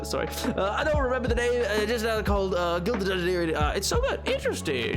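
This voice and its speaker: A man live-streaming a video game, chatting casually and jokingly with his viewers. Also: sits high. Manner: animated, jokey, does silly voices. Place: at home, playing a video game.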